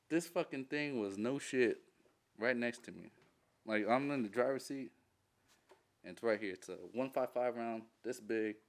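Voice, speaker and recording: A man who is a military veteran, telling a war story in a casual interview, swearing freely, animated and laughing as he goes. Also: medium pitch.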